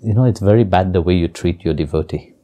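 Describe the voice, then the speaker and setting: A man voicing a female goddess of devotion who scolds in a hushed voice. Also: sits low, quick pace, natural voice. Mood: reproachful.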